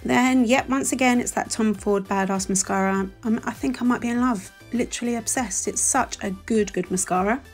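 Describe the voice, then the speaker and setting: A woman's voice: a little high, normal speed, hardly any pauses. Woman, 40s, London accent; chatty, self-deprecating tutorial voice-over over faint music. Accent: London English. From England. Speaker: beauty vlogger.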